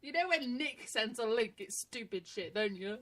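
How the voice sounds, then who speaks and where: A woman's voice: a little high, lively intonation, moderate pace, a bit bright, slight background noise, low-quality recording. An English woman co-hosting an internet radio show, casually bantering and teasing with a cheeky laugh. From England. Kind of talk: casual banter reading chat messages.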